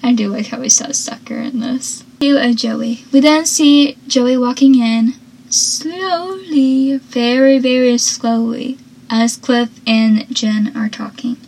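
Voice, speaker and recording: Breathy chatty woman recapping. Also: a little high, fairly even intonation, measured pace, hardly any pauses, darkish tone, low-quality recording. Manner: chatty, drifts into personal asides. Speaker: show recapper. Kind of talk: casual TV episode recap.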